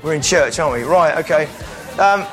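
A man preaching an energetic sermon in church, calling volunteers up and sometimes breaking into shouts. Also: fairly high pitch, brisk, faint music behind. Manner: energetic, calls out to the crowd, bursts into shouts.

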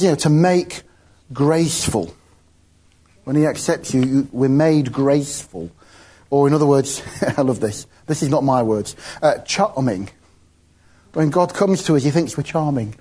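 A man's voice: fairly high pitch, warm tone, breathy edge. A man giving an informal, chatty sermon, often laughing between his points. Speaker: preacher.

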